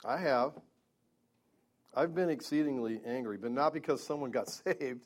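A man's voice: mid-range voice, normal speed. A man preaching a Bible-teaching sermon, earnest, with stammering restarts and emphatic peaks.

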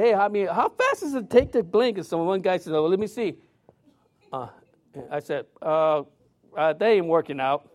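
A man's voice: on the high side, darkish tone. A man preaching a sermon in a loose, conversational storytelling way, full of fillers and restarts. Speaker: pastor.

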